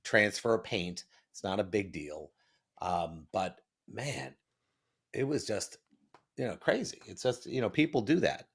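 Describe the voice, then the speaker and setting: Male radio host, gravelly voice, animated storyteller. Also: on the low side, a little slow. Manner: storytelling, acts out the people he quotes.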